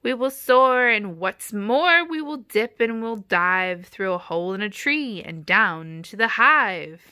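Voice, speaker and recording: A woman's voice: mid-range voice, lively intonation, slow pace, sharp tone, smooth, no echo, studio quality. A woman reading a rhyming children's picture book aloud in a rhythmic storytelling manner. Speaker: storybook reader. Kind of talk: children's read-aloud narration.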